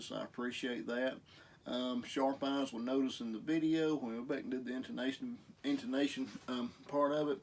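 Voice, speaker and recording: Gravelly Southern man demonstrating guitar setup. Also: mid-range voice, slight background noise. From Southern United States. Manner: easygoing, folksy and self-deprecating. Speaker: guitar repair channel host. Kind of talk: casual instructional demo.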